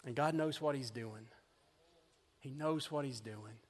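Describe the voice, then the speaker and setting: A man preaching a sermon as pastor, earnest and conversational, dropping to a hush and then lifting into animated storytelling. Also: mid-range voice, unhurried. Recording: long reverb of a church hall.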